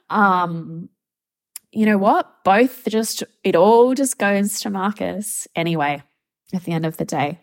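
A young woman hosting a solo podcast, reflecting in a soft, halting, heartfelt way as a mother. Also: on the low side, no echo, clean studio sound. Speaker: podcast host.

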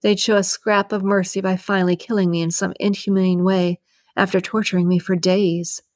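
A woman's voice: medium pitch, little pitch movement, moderate pace, darkish tone, no room sound, clean studio sound, natural voice. A woman reading the lines of a cornered, remorseful female assassin in an audiobook, in a defensive, ashamed manner. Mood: firm.

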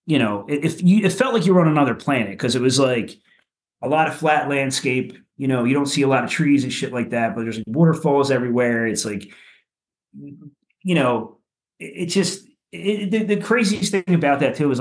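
Profane, rambling man from Philadelphia. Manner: loose and profane, with many "like"s and "you know"s; animated, goes higher when telling funny bits. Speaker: punk rock musician guest. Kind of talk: casual podcast storytelling.

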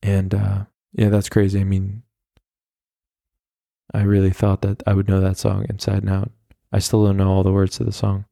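A man's voice: deep voice, monotone, moderate pace, gravelly, warm tone, no echo, studio quality. A young man hosting a solo podcast, talking casually and rambling in a self-deprecating way, with lots of fillers. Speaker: podcast host.

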